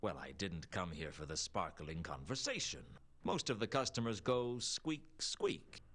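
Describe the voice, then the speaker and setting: An actor playing a world-weary private detective, delivering dry, deadpan wisecracks in hard-boiled game dialogue. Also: male voice, low voice, measured pace, full character voice. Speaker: noir detective narrator.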